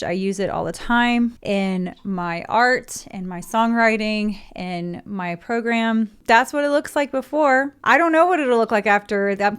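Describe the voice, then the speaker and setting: A woman's voice: mid-range voice, smooth. A woman chatting casually through an unboxing, emotional and gushing, near tears at times. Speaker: vlogger.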